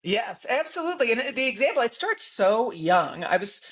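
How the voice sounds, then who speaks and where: Lively woman in her fifties telling stories. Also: fairly high pitch, normal speed. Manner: lively storyteller, emphatic, frequent "right?" tags. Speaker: guest, broadcaster and keynote speaker. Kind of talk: conversational podcast interview.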